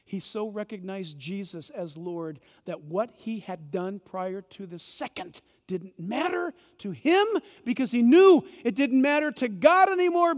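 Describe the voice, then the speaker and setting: High-voiced animated male preacher. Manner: animated preaching, swings from loud bursts to hushed asides. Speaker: pastor. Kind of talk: sermon. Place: church. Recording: reverberant church hall.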